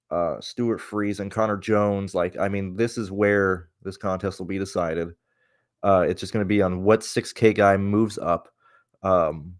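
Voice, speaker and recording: A man's voice: lowish voice, darkish tone. A man hosting a casual livestream, rambling and cursing as he vents his frustration. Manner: rambling and profane, with many restarts; frustrated and venting. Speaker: host.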